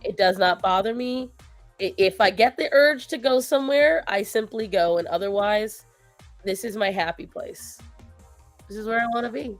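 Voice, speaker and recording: A weary woman talks on her livestream in a loose, rambling way, drifting between stories and baby talk to her pets. Her pitch sits in the middle of the range, and faint music plays underneath. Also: moderate pace. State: tired and low after a long week. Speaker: stream host. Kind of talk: casual chat on a livestream.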